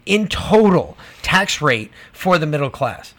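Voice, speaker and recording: A man's voice: on the high side, big pitch swings, a little slow, a bit bright. A male podcast co-host ranting casually and profanely about prices and taxes. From Georgia. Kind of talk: casual political chat.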